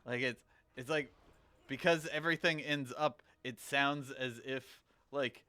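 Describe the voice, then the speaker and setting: A man chatting casually as a game streamer on a livestream, rambling and thinking out loud. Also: mid-range voice, fairly even intonation, measured pace, no room sound. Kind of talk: casual livestream chat while gaming.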